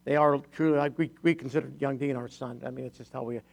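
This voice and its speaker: A man's voice: mid-range voice, steady tone, fast, vocal fry. An older man preaching to his church, telling personal stories in a chatty way, laughing often and acting out the voices of people he quotes. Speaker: pastor. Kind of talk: storytelling sermon testimony.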